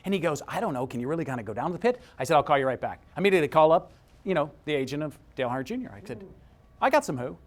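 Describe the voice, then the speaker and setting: Lively husky motivational speaker man. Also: on the high side, racing. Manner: animated, acts out quoted voices, swings from hushed to shouting. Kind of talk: energetic storytelling speech.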